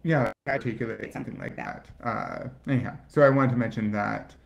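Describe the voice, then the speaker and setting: A man comedian in casual chat, halting and full of fillers like "like". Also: medium pitch, huge pitch swings, vocal fry, dull audio. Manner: halting, filler-heavy, lots of "like". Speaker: comedian guest.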